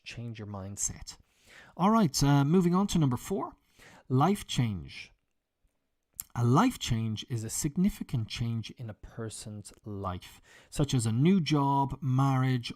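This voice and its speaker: A man's voice: medium pitch, dark tone. A man teaching an English lesson, explaining vocabulary with example sentences in a chatty way. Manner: chatty, with frequent fillers and restarts.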